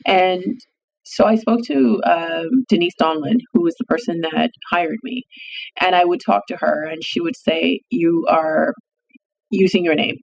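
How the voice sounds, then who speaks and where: A woman journalist from East Africa, a podcast guest, telling her story in a thoughtful, measured way, with pauses and fillers. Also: fairly low pitch, vocal fry, background noise. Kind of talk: reflective interview storytelling.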